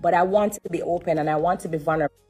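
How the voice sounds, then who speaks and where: A woman giving an emotional testimony on a live stream, religious and repetitive, pausing to breathe and fight back tears. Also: lowish voice, a little mellow, husky, faint music behind. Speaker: live streamer sharing her story.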